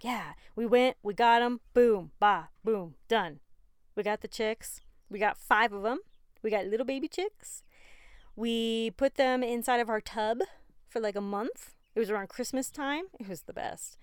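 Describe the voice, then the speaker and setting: A woman's voice: mid-range voice, clear, resonant tone, dry recording, clean studio sound. A woman hosting a podcast in a casual, rambling, chatty way, with frequent fillers and laughs. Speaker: podcast host. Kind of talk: casual chat.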